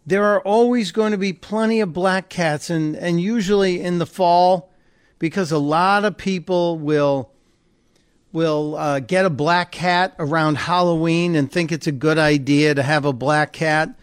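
Chatty male radio host, smooth studio voice. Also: fairly high pitch, steady tone, a little slow, dry recording. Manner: chatty, jokey, stumbles and repeats words. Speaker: radio talk show host. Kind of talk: talk radio, taking calls. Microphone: studio microphone.

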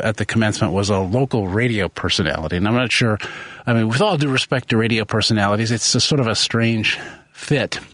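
A man's voice: medium pitch, fairly bright tone, no room sound. A man giving spoken commentary, thinking aloud with many restarts and fillers.

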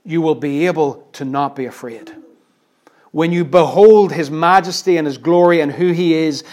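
A man preaching a sermon, earnest and questioning, often repeating his words for emphasis. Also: fairly high pitch. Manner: earnest, with rhetorical questions and repetitions.

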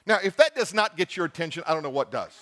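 Man, high voice, pastor, sermon, emphatic, reads scripture, asks questions. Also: very animated, quick pace, fairly bright tone.

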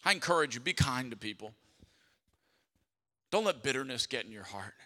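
A man preaching a sermon as a pastor, telling stories with lively, acted-out voices. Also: mid-range voice, moderate pace, long reverb tail. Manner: animated storytelling, acts out quoted voices. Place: church sanctuary.

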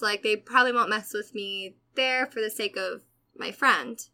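A young woman from Atlanta telling a casual story with animated quoted voices and frequent laughter. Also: mid-range voice, normal speed. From Atlanta, USA. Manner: animated, laughs often, acts out quotes loudly.

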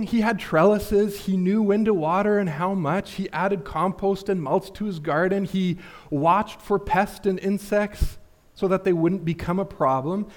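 Casual, chatty male preacher, higher voice. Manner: casual, filler-heavy, asks rhetorical questions. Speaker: pastor. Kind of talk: conversational sermon.

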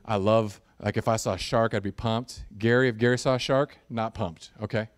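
Guy preaching, smooth voice, jokey and animated, gets worked up. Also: on the low side, normal speed. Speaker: pastor. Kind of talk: sermon.

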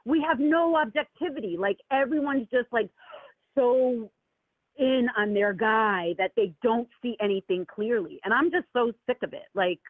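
Woman caller, lively casual political chat, tinny dry phone line. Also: moderate pace, no echo. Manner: animated, swoops high when mocking others. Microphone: phone call.

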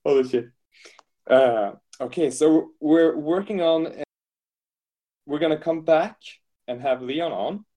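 A man's voice: on the high side, slow, pauses often, dark tone. A man co-hosting a casual hobby podcast, joking around, swearing casually and laughing often. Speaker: podcast co-host.

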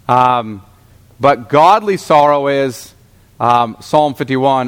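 A man's voice: medium pitch, slow pace, smooth, long reverb tail. A man teaching a Bible class as a pastor, talking to the room in a conversational way, stopping to ask the listeners questions and often starting sentences over.

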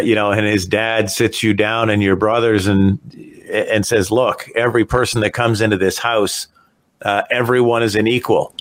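Low-voiced man host asking questions. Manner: rambling, searching questions. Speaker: podcast host. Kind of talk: interview questions.

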